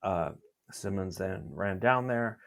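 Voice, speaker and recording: Man reading testimony, halting and restarting. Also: low voice, gravelly. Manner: halting, many restarts while reading documents. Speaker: podcast host. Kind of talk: reading testimony aloud with commentary.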